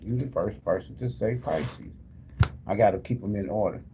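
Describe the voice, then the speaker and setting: This tarot live-stream host is a man with a fairly low, creaky, warm voice who talks at normal speed, with slight background noise. He chats casually, gives away prizes, and addresses viewers directly as "y'all," making the same calls to them repeatedly.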